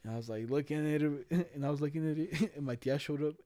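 Young man, casual storyteller, slangy and laughing, mellow timbre, dry recording. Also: fairly high pitch, fast, no echo. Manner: slangy, laughing, acts out quoted voices. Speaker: friend telling stories.

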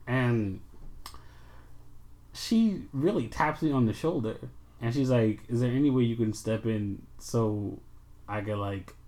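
A man in a casual group chat, telling stories bluntly with lots of swearing and dark jokes. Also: mid-range voice, a little slow, pauses often. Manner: blunt, profane, joking storyteller.

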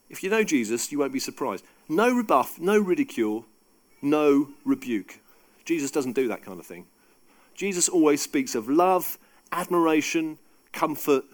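A man preaching a sermon in an animated, conversational and emphatic way. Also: on the high side.

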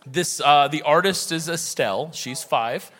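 A man's voice: on the high side, measured pace, fairly bright tone. A young man preaching a sermon and leading prayer in an earnest, conversational way.

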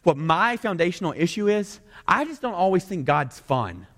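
A man's voice: high voice, big pitch swings, moderate pace, a bit bright. A male pastor preaching a sermon in a conversational way, often mimicking sarcastic voices to make his point. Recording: long hall reverb.

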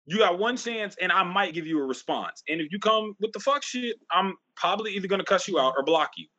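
Lively, emphatic ranting man. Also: high-pitched, fairly quick, highs cut off. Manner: emphatic, ranting, profane, repeats phrases for force. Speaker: podcast host. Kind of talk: casual podcast conversation.

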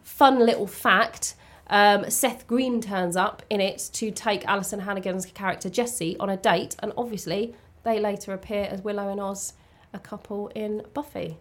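A woman's voice: mid-range voice, steady tone, normal speed. A woman, co-hosting a podcast in a casual, rambling way with frequent ums. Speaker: podcast co-host. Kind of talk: casual chat. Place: warm indoor room.

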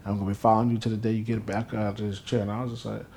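A young man from New Jersey, a guest in an interview, telling stories casually and acting out the quotes with rising excitement. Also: on the low side, racing, vocal fry, slight background noise. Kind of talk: casual storytelling.

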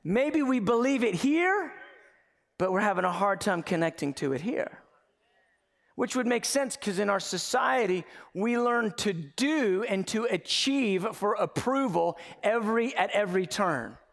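Male pastor, gravelly and fairly high, animated sermon delivery with humor. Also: big-room sound. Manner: animated, humorous preaching with quick asides.

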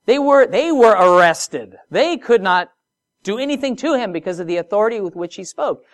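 A preacher giving a sermon, moving between soft, drawn-out phrases and emphatic rises, with conversational asides and rhetorical questions. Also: medium pitch, animated.

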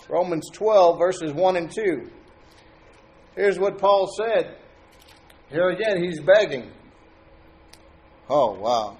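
A man's voice: high voice, expressive, slow, pauses often, a little mellow. A man preaching a sermon as pastor, talking to his congregation in a conversational way and asking them questions.

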